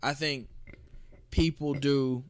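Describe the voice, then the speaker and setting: A man's voice: medium pitch, fairly even intonation, slow, a little hiss or hum. A young man co-hosting a casual podcast chat, teasing the others and bringing up topics. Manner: teasing, raises topics, laughs. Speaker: podcast co-host.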